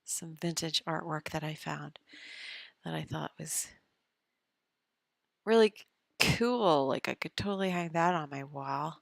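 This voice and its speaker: Woman, stream host, casual chat, gravelly, low voice, dry close sound, muttered half-whispered asides. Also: a little slow, long pauses, dry recording. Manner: muttering to herself while fixing screen share, half-whispered asides. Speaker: astrology show host.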